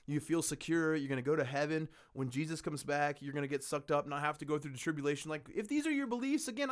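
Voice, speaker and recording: A man hosting a podcast in casual chat, ranting with lots of swearing and animated storytelling. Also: a little high. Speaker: podcast host.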